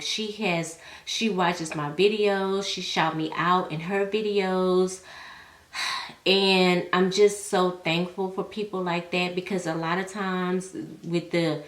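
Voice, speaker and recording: A woman's voice: on the low side, echoey room. A young woman chatting casually to her viewers while she does her makeup, heartfelt and full of slang. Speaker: beauty vlogger.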